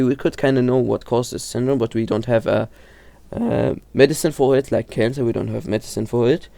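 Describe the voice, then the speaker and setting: A man explains horror lore in an offhand, informal manner, often stumbling, restarting, and correcting himself amid a steady stream of fillers. His voice is mid-range and mellow, captured in a dry recording.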